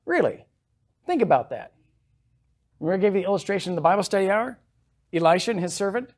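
A man's voice: sits high, animated, fast. A man preaching a sermon as pastor in a church, reading scripture aloud with emphatic rises and then explaining it in a plain, conversational way.

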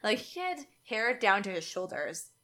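A young woman, telling a dating story in casual chat and acting out the quotes with big jumps in pitch. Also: very animated, normal speed, bright, forceful tone.

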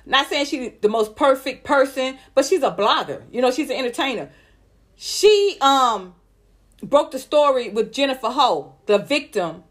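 Woman gossip vlogger, high voice, heated and outspoken, slangy, talks to viewers. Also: animated, normal speed. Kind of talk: celebrity gossip commentary.

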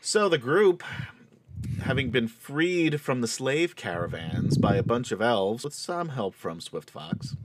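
A man's voice: on the low side, a little hiss or hum. A man hosting a tabletop game stream as game master, chatty and laughing with fillers as he recaps the story.

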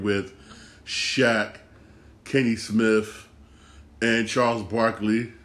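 A man hosting a casual solo podcast, rambling and repeating himself, with slangy, profane talk. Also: mid-range voice. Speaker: podcast host.

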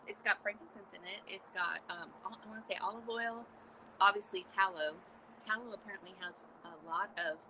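Bright, chatty woman with a scratchy throat. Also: medium pitch. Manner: chatty, exclamatory, frequent little laughs. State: scratchy throat, keeps clearing it. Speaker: podcast host. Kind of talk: casual live morning chat.

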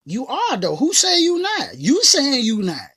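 A woman's voice: high-pitched, wildly swooping pitch, a little slow, a bit bright, slightly rough. A woman hosting a casual motivational talk, who speaks emphatically and repeats her phrases in a slangy, conversational way. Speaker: motivational podcast host.

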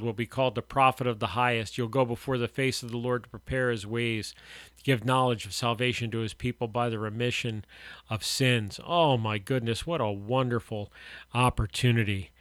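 A man preaching as a radio pastor, folksy and rambling, slowing down to stretch words for emphasis. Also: medium pitch, a bit bright, no echo. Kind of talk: radio sermon.

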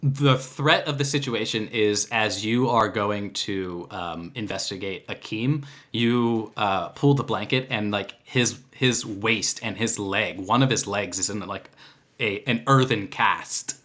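A man narrating as game master in a casual, halting way, full of filler words. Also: fairly low pitch, fairly bright tone.

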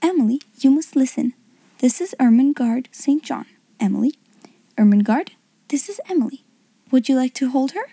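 A woman voicing a clever, imaginative young schoolgirl in a soft whispered role-play, hushed and wondering. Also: high-pitched, animated, normal speed, breathy edge, dry recording, full character voice.

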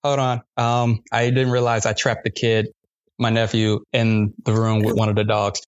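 Slangy comedian telling a story, lo-fi. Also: male voice, fairly low pitch, flat delivery, moderate pace. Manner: loose, slangy, profane. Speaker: guest comedian. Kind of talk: animated comic storytelling. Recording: dull lo-fi sound.

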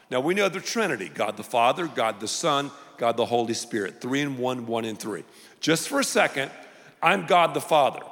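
A male pastor preaches with a high, lively voice that swoops up and down. He takes his time and lets his lines land slowly, and his voice rings out with the long reverb of a large hall. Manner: animated, playful preaching with audience call-and-response. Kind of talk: sermon. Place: large church auditorium.

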